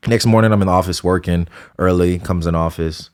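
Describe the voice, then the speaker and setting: Young adult male podcast co-host, deep voice, earnest reflective storyteller. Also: fairly even intonation, brisk, darkish tone, clear, resonant tone. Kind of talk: casual conversation.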